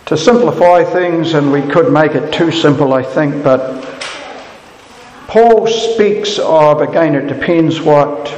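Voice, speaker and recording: A man delivers an earnest, reflective sermon at an unhurried, deliberate pace. His voice sits a little high for a man. The sound rings through a roomy hall with a long reverb tail. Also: a little mellow. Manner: earnest, reflective, lifts his pitch sharply when quoting cries. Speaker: preacher.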